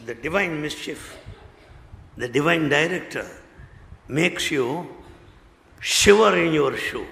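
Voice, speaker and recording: An older spiritual speaker with an Indian English accent and a slightly high voice with vocal fry gives a devotional talk full of anecdotes. He's an animated storyteller who acts out what people said and laughs often. It's recorded in an echoey hall with faint background noise.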